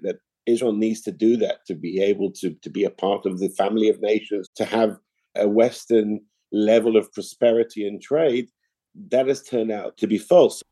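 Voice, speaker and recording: A middle-aged man with a very dark, mellow voice answers interview questions at length. He is measured and explanatory, and often restarts a phrase. The sound is dry and close, with no room around it. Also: lowish voice, breathy edge, no room sound. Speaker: interview guest, political analyst.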